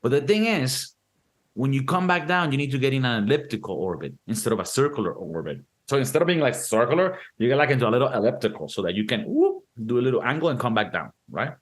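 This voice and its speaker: Young guy chatting about a movie on a podcast, lively and cussing, acts out what people said. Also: medium pitch, fairly quick. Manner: animated, profane, acts out quotes in voices. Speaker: podcast co-host. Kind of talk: casual movie review chat.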